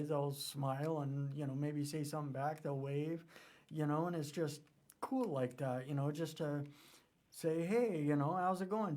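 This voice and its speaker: A man hosting a podcast, talking earnestly with many pauses and fillers. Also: a little high, a little mellow. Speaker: podcast host. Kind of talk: casual interview chat.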